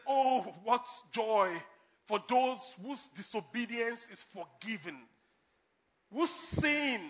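A man preaching a sermon, animated, moving between loud emphasis and quiet asides and laughing at his own stories. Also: high voice. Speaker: pastor.

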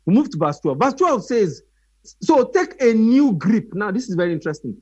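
A man's voice: high voice, moderate pace, slightly rough, no room sound, muffled recording. A man preaching a sermon, telling stories animatedly and acting out voices. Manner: animated storytelling with acted voices.

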